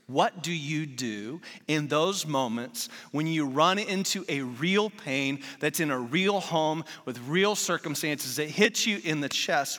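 A man in his forties preaches a sermon with a bright, forceful edge to his voice. He talks candidly, like he's telling friends a story. The sound rings out with the long reverb of a large church hall. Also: fairly high pitch, takes it slowly, hardly any pauses. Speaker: guest preacher.

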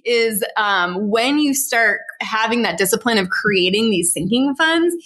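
A woman's voice: a little high, expressive, unhurried, fairly bright tone. A woman in her thirties co-hosting a casual podcast with her husband, laughing often and finishing his sentences. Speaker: podcast co-host. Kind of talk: casual chat about personal finance.

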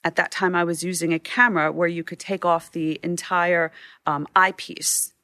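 A middle-aged woman, a photojournalist guest, tells vivid anecdotes from her career in an interview. Her lowish voice has a sharp tone, little pitch movement and a moderate pace, with no room sound.

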